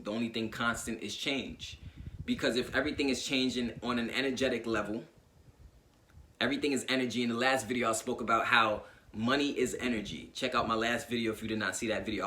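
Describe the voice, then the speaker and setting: A man's voice: mid-range voice, pushed and bright. A man talking informally to his viewers in a motivational monologue, repeating his points and often checking in with "right?". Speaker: self-help YouTuber.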